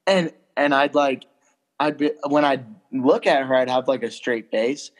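A man's voice: medium pitch, measured pace. A young man telling a story in a casual chat, loose and rambling, full of fillers and swearing.

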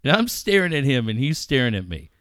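A man telling stories in casual chat, animated and profane, laughing often. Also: mid-range voice, quick pace, no echo. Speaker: radio engineer telling stories.

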